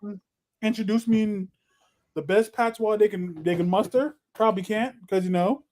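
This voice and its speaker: High-voiced joking man on a podcast. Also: normal speed. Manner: animated and joking, with loud announcer-style bursts. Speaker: podcast co-host. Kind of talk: casual podcast chat.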